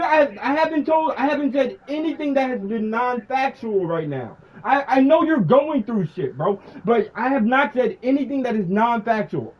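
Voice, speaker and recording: A man with a very high-pitched voice argues heatedly over the phone, blunt and full of profanity. His words pile up in angry bursts. The recording sounds dull and lo-fi. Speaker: streamer. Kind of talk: heated phone argument during a stream.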